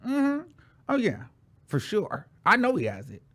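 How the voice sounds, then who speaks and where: A man hosting his own show, telling a story in a sassy, dramatic way and calling his listeners "girl", with sudden loud exclamations. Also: sits high, huge pitch swings, unhurried. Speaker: show host. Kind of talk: casual storytelling chat.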